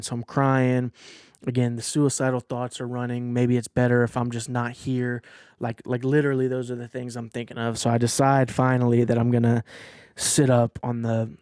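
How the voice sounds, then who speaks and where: A man's voice: medium pitch, darkish tone, no room sound, clean studio sound. A man in his twenties hosting a podcast from his desk at home, telling a personal story to the camera in an earnest, rambling, candid way. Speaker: podcast host. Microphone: facing a camera at his desk.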